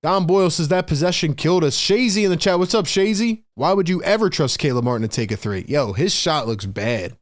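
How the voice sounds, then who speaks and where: A man hosting a fan livestream, calling play-by-play in excitable, frustrated, slangy talk. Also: a little high, a little fast, few pauses, dry recording, clean studio sound. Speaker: host and play-by-play commentator.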